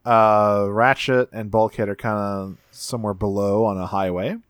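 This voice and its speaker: This podcast co-host has a lowish, level, smooth voice, captured in clean studio sound without any room tone. He rambles through a recap of a cartoon episode, swearing freely and tossing off quick character voices as he retells scenes in casual conversation.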